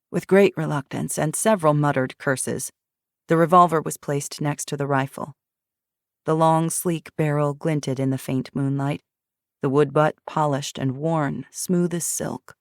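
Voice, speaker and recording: A woman reads an audiobook in a steady, measured way. Her voice sits low, and the close studio sound is dry. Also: no echo. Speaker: audiobook narrator. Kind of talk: scripted narration.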